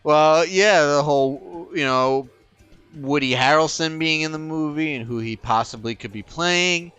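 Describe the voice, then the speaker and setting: A man co-hosts a casual podcast, ranting bluntly and emphatically about a trailer. His voice is a little high, bright and smooth, and he speaks unhurriedly. The recording is dry, with soft music in the background.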